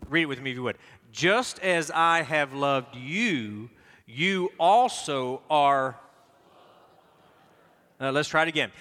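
A man's voice: fairly high pitch, bright, forceful tone. A man preaching a sermon as pastor, emphatic and repeating words as he goes, leading the congregation in reading aloud. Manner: repeats words while searching for them. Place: large church hall with long reverb. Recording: reverberant church hall.

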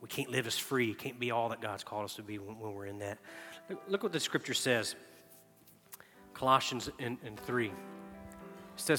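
A man preaching a sermon, telling personal stories and dropping from hushed, soft asides to loud, emphatic bursts. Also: mid-range voice, moderate pace, soft background music. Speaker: pastor. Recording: long reverb of a large hall.

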